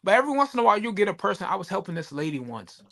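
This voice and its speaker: A man co-hosting a sneaker podcast, telling animated stories in casual chat. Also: high-pitched, rapid-fire, gravelly. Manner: animated storyteller acting out customer quotes. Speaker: podcast co-host.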